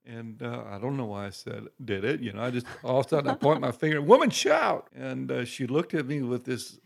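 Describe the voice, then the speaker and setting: A man, a guest minister, telling church stories in a relaxed chat, with many pauses and fillers, growing louder as he gets into a story. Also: mid-range voice. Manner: unhurried, gravelly, many fillers, grows loud and excited telling stories.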